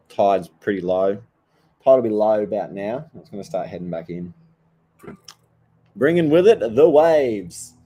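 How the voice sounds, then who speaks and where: A man's voice: fairly low pitch, dark tone. A young Australian man chatting casually to his viewers, laid-back and slangy, swearing a lot as he tells stories. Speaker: vlogger.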